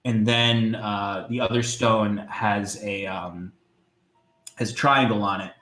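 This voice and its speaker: A man narrating as game master of a tabletop game, describing scenes hesitantly with many filler pauses. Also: fairly low pitch, steady tone, fairly bright tone, echoey room.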